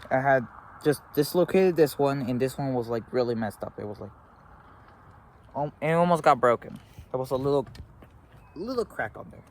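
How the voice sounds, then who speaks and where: A teenage boy telling a story to a phone camera beside a road, halting and full of fillers. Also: mid-range voice, lively intonation. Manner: rambling, halting, with frequent fillers. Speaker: vlogger. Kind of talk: casual storytelling. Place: outdoors by a road. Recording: faint traffic noise outdoors.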